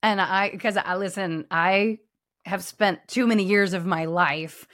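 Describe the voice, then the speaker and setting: A woman's voice: mid-range voice, unhurried, fairly bright tone, dry recording, studio quality. A middle-aged woman, a former pastor, hosting a podcast in casual conversation and telling stories animatedly with voiced quotes. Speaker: podcast host.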